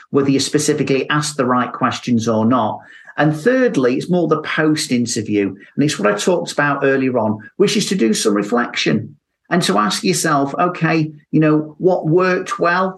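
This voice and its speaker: A man speaking as a podcast guest, giving careful, deliberate advice on preparing for job interviews. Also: on the high side. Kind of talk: reflective advice.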